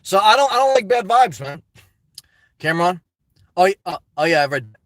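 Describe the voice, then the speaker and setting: A man's voice: sits high, very animated, normal speed, fairly bright tone, no room sound. A man live-streaming from inside a parked car, rambling through viewer comments, joking and laughing often, with lots of "man" and "guys".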